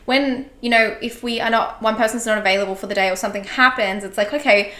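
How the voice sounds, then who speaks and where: A woman's voice: a little high, fairly even intonation, fast talker, sharp tone, roomy sound. A woman co-hosting a podcast in casual chat, bubbly and teasing, with plenty of fillers. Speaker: podcast co-host.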